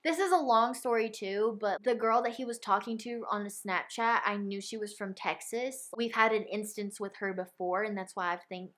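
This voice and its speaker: Young woman, vlogger, casual storytime, animated, lots of "like", middle pitch. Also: normal speed, few pauses. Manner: animated, frequent "like" fillers.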